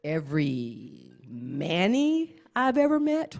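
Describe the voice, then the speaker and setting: A middle-aged woman performing a stand-up comedy set, often jumping into squeaky acted-out voices. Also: wildly swooping pitch, slow pace, vocal fry, darkish tone, soft background music.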